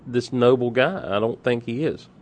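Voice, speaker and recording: A man's voice: mid-range voice, moderate pace. A man co-hosting a casual fan podcast, joking wryly and giving blunt opinions. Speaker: podcast co-host.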